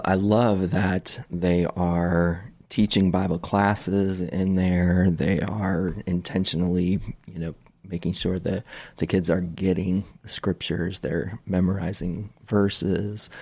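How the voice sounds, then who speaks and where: Deep husky male pastor co-host. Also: darkish tone, no room sound. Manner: rambling, hesitant with many fillers, laughs easily. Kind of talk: casual conversation.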